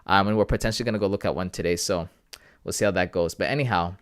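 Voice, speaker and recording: A Canadian man hosts a casual livestream where he shares his trading analysis, chatting with viewers in a relaxed, friendly way and often calling them "bro" and "man." His voice is low and clean-toned, and he talks fast.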